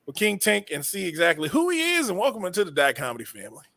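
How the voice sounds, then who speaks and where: Man, podcast host, animated storytelling, bright and pitched a bit high. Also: fast talker, gravelly, no room sound. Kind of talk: casual comedy podcast chat.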